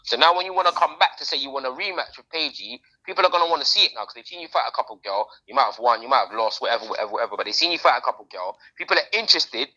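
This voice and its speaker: Man co-host, quick lively delivery, bright tense tone, dull recording. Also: mid-range voice. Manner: animated, slangy, talks over others. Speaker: podcast co-host. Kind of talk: casual chat.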